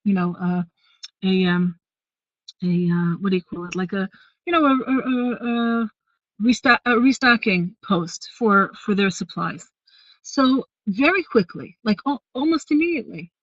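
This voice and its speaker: A woman retells a Hasidic story for the weekly women's class she teaches, using lots of fillers and restarts and adding warm asides. Her voice is medium-pitched at normal speed, and the recording is dry, dull, and lo-fi with no echo.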